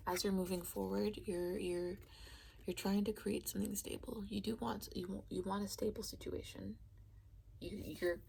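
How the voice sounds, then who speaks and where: A woman giving a casual pick-a-card tarot reading, rambling and halting, sometimes dropping into a soft whisper. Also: on the low side, vocal fry, a little hiss or hum, rough recording. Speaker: tarot reader.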